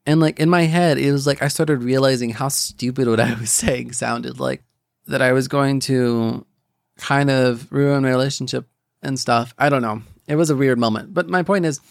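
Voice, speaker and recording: Gravelly young man sharing a faith story. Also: medium pitch, dry recording, clean studio sound. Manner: rambling, halting, many restarts and fillers. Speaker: podcast host. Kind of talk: personal faith testimony.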